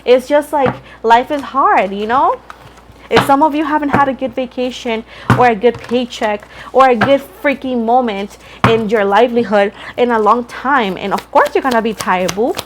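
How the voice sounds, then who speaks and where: A woman's voice: fairly high pitch, moderate pace, background noise. Chatty woman doing a tarot reading. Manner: chatty, frank, addresses viewers as boo and Libra. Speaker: tarot reader. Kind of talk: casual tarot reading to camera.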